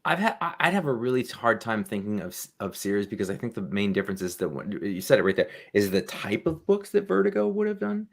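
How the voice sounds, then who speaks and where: Low-voiced man musing on a podcast. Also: sing-song, fast talker, vocal fry, hardly any pauses. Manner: thoughtful, digressive. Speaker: podcast co-host. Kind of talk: casual chat.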